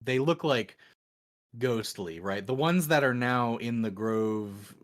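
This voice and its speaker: A young man runs a tabletop game, talking slowly and loosely with many fillers. His pitch sits mid-range for a man, and his speech drifts and restarts as he narrates the scene. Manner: relaxed, halting, full of fillers. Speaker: dungeon master.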